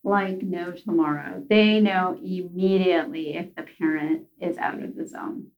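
A woman calmly explaining coping techniques in a casual advice chat, enthusiastic and explanatory. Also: on the low side, a little slow, lo-fi sound. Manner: enthusiastic, explanatory, addresses host by name. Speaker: guest expert.

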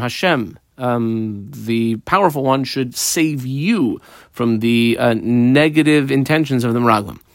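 A man's voice: medium pitch, no room sound, clean studio sound. Man teaching a Talmud class. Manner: explains text phrase by phrase, mixing Hebrew and English.

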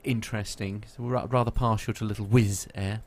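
A man's voice: fairly low pitch, fairly even intonation, brisk. A man hosting a casual podcast chat, joking and laughing as he leads the segment. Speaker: podcast host.

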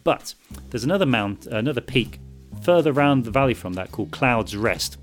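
A man co-hosts a podcast in relaxed, jokey chat. His voice swings up and down in lively intonation as he reads out messages. Faint music sits quietly behind him. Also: medium pitch, moderate pace. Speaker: podcast co-host. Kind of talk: casual chat.

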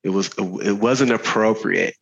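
A man talking candidly about his life as a guest, animated, laughing often, with lots of fillers and restarts. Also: fairly low pitch, a little slow, vocal fry, muffled recording. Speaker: guest speaker. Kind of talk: candid conversational storytelling.

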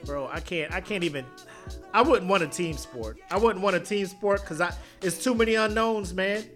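A man co-hosting a podcast in casual, swearing chat, acting out little scenes in loud, high voices. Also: moderate pace, faint music behind. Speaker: podcast co-host.

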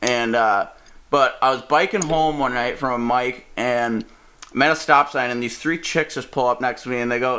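A man's voice: mid-range voice, normal speed, clear, resonant tone. A man from Wisconsin, a stand-up comedian, telling a story casually, swearing and laughing as he goes. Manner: profane, animated, laughs mid-story.

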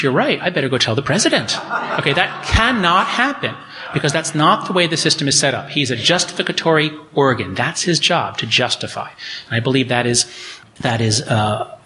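A man's voice: mid-range voice, sharp tone, slight background noise. A middle-aged man lecturing, reading from his own book and acting out quoted voices with animation.

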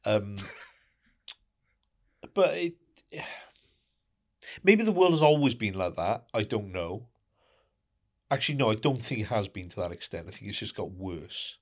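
A man's voice: fairly low pitch, animated, a little slow, pauses often. A middle-aged man co-hosting a podcast, talking in an indignant way and firing off rhetorical questions. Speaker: podcast co-host. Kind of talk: casual podcast chat.

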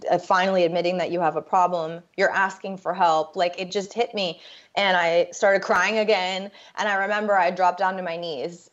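A woman telling her personal story as an interview guest, candid and halting, with fillers and restarts. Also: on the low side. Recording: dull lo-fi sound.

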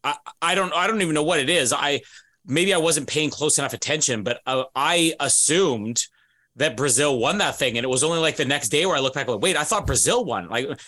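A man's voice: on the high side, fairly quick, pushed and bright. A man co-hosting a sports podcast in casual chat, rambling with many restarts and fillers. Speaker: podcast co-host.

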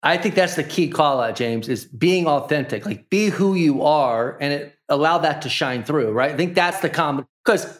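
Relaxed middle-aged male podcast host. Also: fairly high pitch, normal speed, few pauses. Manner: relaxed, friendly questions with many fillers. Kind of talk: casual interview chat.

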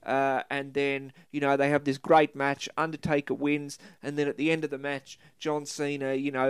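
A man's voice: a little high, clean tone, no echo. A man, a podcast guest laying out his view on wrestling at length. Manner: measured, explains at length. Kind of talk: casual opinion chat.

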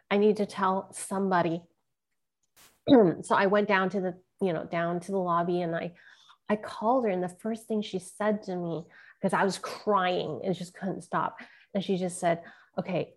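A woman's voice: mid-range voice, darkish tone. A middle-aged woman, a guest, telling an emotional personal story in an earnest, tearful way.

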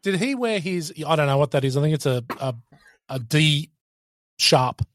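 A man's voice: a little high, expressive, moderate pace, fairly bright tone, dry recording, studio quality. A man co-hosting a podcast, chatting and bantering about films. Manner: banter, jokey interjections. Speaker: podcast co-host. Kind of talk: casual film review chat.

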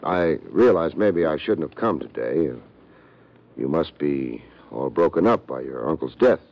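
A man's voice: very deep voice, expressive, measured pace, slight background noise, heavily acted. An actor playing a wry, hard-boiled male private detective who narrates and trades dry wisecracks, in 1950s radio drama style. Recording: dull lo-fi old radio recording.

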